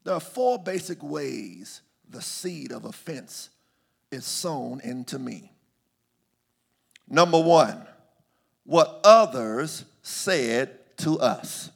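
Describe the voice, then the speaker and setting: Gravelly man preaching with swelling intensity. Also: fairly high pitch, animated, very slow. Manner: call-and-response preaching, swings from hushed to shouting. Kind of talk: sermon.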